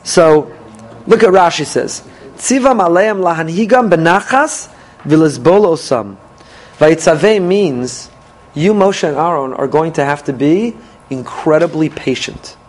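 A man's voice: a little high, measured pace, low-quality recording. A man teaching a Torah class, quoting Hebrew verses and commentaries and asking rhetorical questions he then answers. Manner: animated, asks rhetorical questions and answers them.

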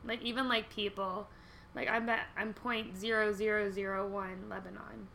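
A woman hosting a casual podcast, playful and quick with self-mocking quips. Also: medium pitch, flat delivery, gravelly, bright, forceful tone, a little hiss or hum. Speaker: podcast host.

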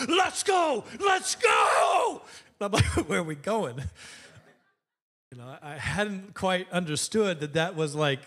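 A man preaching a sermon to his church, telling a story in a conversational way. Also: mid-range voice. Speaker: pastor.

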